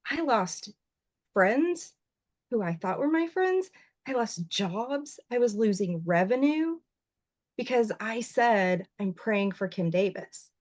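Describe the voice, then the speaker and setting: A woman, a writer and journalist, telling her story as a guest on a podcast interview, heartfelt and expressive, her voice leaping up when she gets emotional. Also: takes it slowly, no echo. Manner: voice jumps high when emotional.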